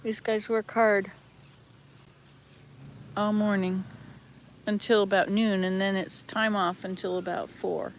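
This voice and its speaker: A woman's voice: mid-range voice, level tone, slow, long pauses. Older woman, casual travel vlog, chatty, self-correcting, outdoors, faint background noise. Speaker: vlogger. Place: outdoors at a rural hut. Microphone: handheld camera.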